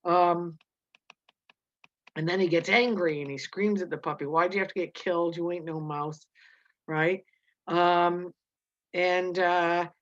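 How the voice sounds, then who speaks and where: A woman teacher explaining a novel chapter and reading passages aloud, halting with many fillers and restarts. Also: lowish voice, dull audio.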